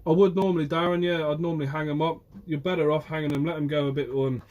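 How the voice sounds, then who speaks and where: A man's voice: fairly high pitch, steady tone, fast talker, a little mellow, highs cut off. A young man from Guernsey, a fisherman chatting casually on a phone live stream and answering viewers by name. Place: outdoors by the shore.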